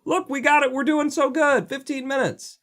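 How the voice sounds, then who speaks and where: A man's voice: very high-pitched, steady tone, moderate pace, a bit bright, pitched above the performer's own voice. A man mockingly putting on a self-congratulating police official. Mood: smug. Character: smug boastful male police official.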